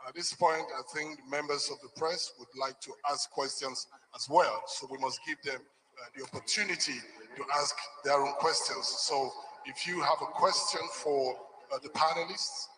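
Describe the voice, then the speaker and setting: A man's voice: fairly high pitch, normal speed, pushed and bright, slight background noise, rough recording. A man moderating a press conference, hesitant and full of fillers.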